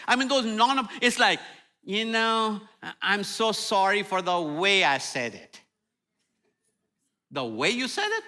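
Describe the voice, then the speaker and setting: In a church sanctuary, an older guest speaker preaches a sermon with humor and animation, acting out prayers and apologies. His voice is high-pitched, and he takes it slowly.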